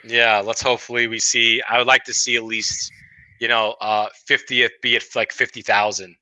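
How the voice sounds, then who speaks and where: A man's voice: mid-range voice, level tone, normal speed, bright, forceful tone, no echo, low-quality recording. A man with a Brooklyn accent co-hosting a podcast in loose, joking casual chat. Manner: joking, loose and chatty with fillers. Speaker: podcast co-host.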